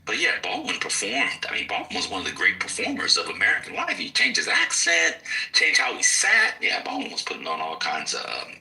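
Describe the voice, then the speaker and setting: A man hosts a loose podcast chat, rambling into long explanations and filling the gaps with "um" and "uh." His voice is very deep yet sharply bright, and it sounds a little distant from the microphone. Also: huge pitch swings, brisk, vocal fry, soft background music. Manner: rambling, lecturing, many fillers. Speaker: podcast host. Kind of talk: casual chat. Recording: voice distant from mic.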